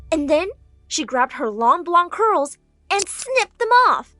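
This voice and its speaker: A woman's voice: extremely high pitch, sing-song, slow pace, pushed and bright, no echo, faint music behind. Emotive young woman narrating a drama. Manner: emotive, rising and falling with the drama. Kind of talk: dramatic first-person story narration.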